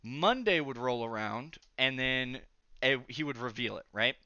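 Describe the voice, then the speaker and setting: A young man spins a rambling school story in a bright, forceful voice, padding it with fillers and asides. The sound is dry and slightly dull, as from a modest home mic. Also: medium pitch, lively intonation, measured pace, dry recording. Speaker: storytelling vlogger. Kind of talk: casual storytime narration.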